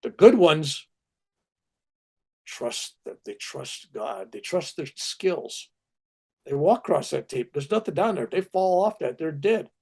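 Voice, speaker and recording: Older male storyteller, gravelly low-key voice, lively acted-out quotes, conversational. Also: measured pace. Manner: animated anecdotes with acted-out quotes. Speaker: spiritual teacher.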